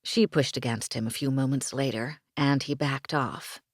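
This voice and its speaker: Low-voiced woman narrating a romance. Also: normal speed, no echo, clean studio sound. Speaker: audiobook narrator.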